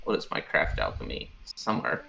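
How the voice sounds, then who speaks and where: A man's voice: a little fast, pushed and bright, slight background noise. A man playing a tabletop game on a voice call, laid-back and thinking aloud. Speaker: player. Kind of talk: casual tabletop game play.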